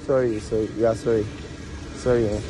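A man's voice: lowish voice, little pitch movement, normal speed, noisy background. A man with a Nigerian accent hosting a prank video outdoors, repeating himself in an apologetic, soothing way and laughing often. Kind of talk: casual prank banter.

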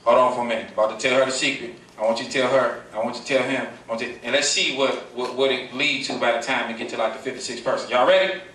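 A man from Detroit lectures a live crowd in a bright, forceful voice, firing questions at them and drawing them into his points. The mic sits well back from him, so the sound is roomy and echoing, with a faint hiss underneath. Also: mid-range voice, steady tone, fast, hardly any pauses. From Detroit, USA. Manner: preachy call-and-response, questions the crowd, playful. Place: room with a live audience. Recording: echoey room, distant mic, faint noise.

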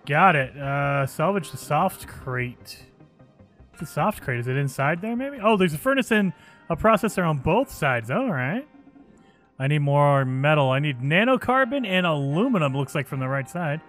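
Excitable man narrating his gameplay. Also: on the high side, moderate pace, faint music behind. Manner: excitable, thinking aloud. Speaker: gaming channel host. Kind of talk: let's play commentary.

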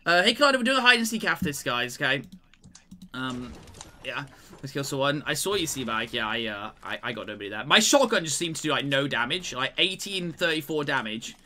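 Fast-talking bright-voiced male streamer. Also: mid-range voice, very animated, slight background noise. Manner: chatty, apologetic, greets viewers. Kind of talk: live gaming stream chat.

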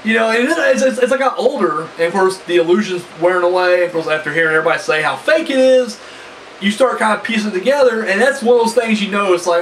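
A man's voice: sits high, fast talker, far from the mic, slight background noise, low-quality recording. A man giving a casual, rambling spoken review of a wrestling match, swearing freely and piling up fillers. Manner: animated, profane and rambling, full of fillers.

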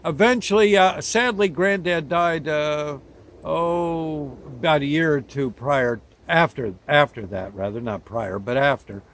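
A man from New Jersey with a somewhat high-pitched voice recalls an old memory in loose, casual storytelling. His talk is folksy and rambling, with plain homespun words. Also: a little slow, a bit bright. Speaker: host telling a childhood memory.

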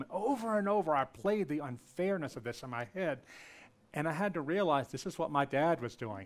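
A man giving a public lecture, telling a personal story in an earnest way and acting out bits of dialogue with lively jumps in pitch. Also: fairly quick. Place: lecture event before an audience.

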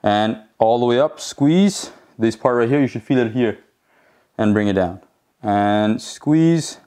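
Low-voiced man coaching a home workout. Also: unhurried, mellow, clear, resonant tone. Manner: encouraging, counts reps aloud, explains muscles plainly. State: out of breath. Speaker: fitness coach.

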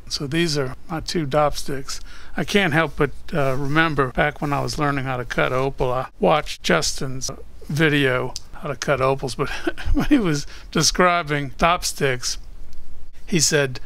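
A man hosting a casual how-to video, talking in a jokey, deliberate way. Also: on the high side, a bit bright. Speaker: opal cutter and channel host. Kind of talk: casual instructional vlog.

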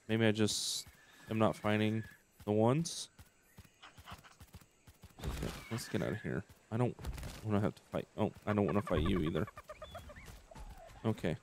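A young man with a lowish voice talks his way through a game at a slow, easy pace, filling gaps with hesitant ums as he thinks aloud. It is casual let's-play commentary from a regular channel host. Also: animated, a little mellow, a little hiss or hum. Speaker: gameplay commentator.

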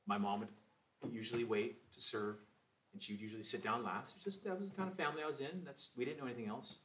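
A man's voice: mid-range voice, quick pace, a bit bright, recorded from a distance, a little hiss or hum. A man in his forties teaching a church Sunday school class, exhorting and telling testimony stories. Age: 40s. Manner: emphatic, exhorting, with testimony asides.

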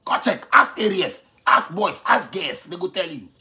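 A man in his thirties rants with swagger in Ghanaian Pidgin English, and his voice sits fairly high. He hammers his points by repeating phrases. He drops to near-mutters, then climbs back to loud boasts. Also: very animated, normal speed. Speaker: musician addressing critics. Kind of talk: boastful off-the-cuff rant.

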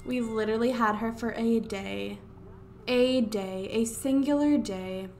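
A woman's voice: a little high, unhurried, creaky, darkish tone, slight background noise. A woman giving casual gameplay commentary at home, exasperated, talking to the game characters and drawing out her wows. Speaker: let's play host. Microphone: desk USB microphone.

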